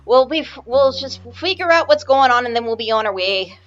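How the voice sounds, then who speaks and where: A woman voicing an elderly grandfather doctor who reassures and apologizes calmly. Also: high-pitched, brisk, dull audio. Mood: reassuring. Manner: soothing, apologetic.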